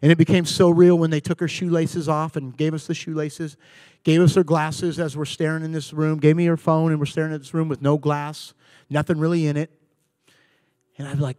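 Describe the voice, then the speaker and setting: A man in his forties preaches with a high, bright-pitched voice that is recorded dry and close, with little room sound. He acts out voices in his stories, swinging from playful to hushed and earnest. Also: flat delivery, brisk, dry recording. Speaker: pastor. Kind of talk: sermon. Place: church.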